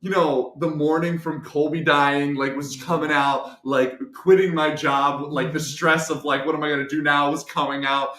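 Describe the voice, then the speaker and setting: A young man telling a personal story on a talk show. He acts out the other voices and swings from soft to shouting. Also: on the high side, level tone, moderate pace, few pauses. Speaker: guest storyteller. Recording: echoey room.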